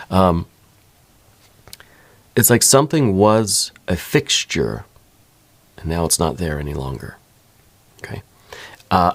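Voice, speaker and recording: A man giving an ASMR tarot reading, speaking softly and intimately to the listener in a gentle, searching way. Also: low voice. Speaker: tarot reader.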